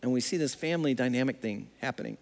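A man's voice: mid-range voice, expressive, fast talker, creaky, a little mellow. A man preaching a sermon who acts out the characters of the story he tells. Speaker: pastor. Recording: long hall reverb.

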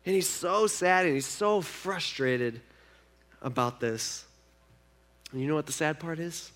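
A man preaching a sermon in a conversational way, moving from hushed, slow remarks to loud, emphatic ones. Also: fairly high pitch. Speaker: pastor.

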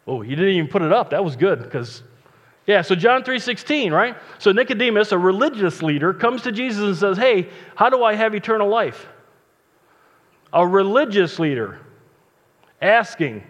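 A man's voice: high-pitched, animated, normal speed, long pauses. A man preaching a casual sermon as pastor, chatty and joking between Bible readings. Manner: chatty, joking asides, conversational. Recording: long reverb, dull lo-fi sound.

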